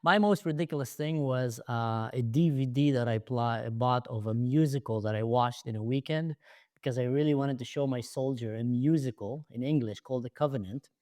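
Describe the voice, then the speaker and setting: A man's voice: mid-range voice, moderate pace, a little mellow. A young adult man hosting a podcast, telling a story with animation and acting out scenes in casual conversation. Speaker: podcast host.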